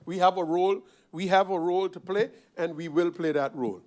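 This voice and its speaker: A man from Sint Maarten delivers a parliamentary speech in a high-pitched voice. He hammers his points home, repeating phrases and firing off rhetorical questions in the chamber. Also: brisk. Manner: emphatic, repetitive, forceful rhetorical questions. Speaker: member of parliament.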